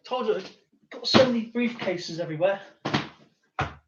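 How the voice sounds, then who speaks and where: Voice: medium pitch, a little slow, heavy background noise. A host chatting casually to viewers on a live stream while showing a coin collection, rambling and talking straight to the audience. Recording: dull lo-fi sound.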